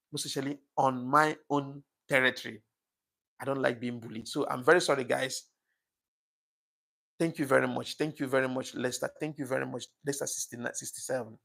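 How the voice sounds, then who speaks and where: A man's voice: medium pitch, steady tone, a little fast, gravelly, fairly bright tone. A man hosting a live stream, chatting casually and reading out viewer comments, often apologizing and thanking his viewers, an emotional speaker. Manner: emotional, says things get to him easily. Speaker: livestream host.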